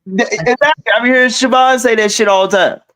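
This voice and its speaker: A man talking as a guest in casual, animated chat, full of cursing, laughs and quick asides. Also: very high-pitched.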